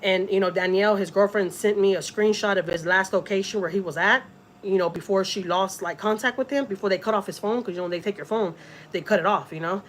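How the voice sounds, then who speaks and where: Mom rambling through a story on a live vlog, emphatic, lots of "like" and "you know", middle-aged. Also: female voice, medium pitch, quick pace, a little hiss or hum, poor audio. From Houston, Texas. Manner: rambling and emphatic, many "you know" and "like" asides, animated when voicing others. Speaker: family vlogger on a live stream. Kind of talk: casual storytelling.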